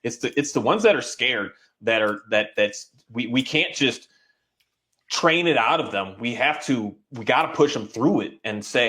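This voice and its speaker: A man who works as a dog trainer, talking in a casual, rambling and halting way, now and then voicing his dog's thoughts. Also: mid-range voice, expressive, bright, forceful tone. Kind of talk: casual conversation.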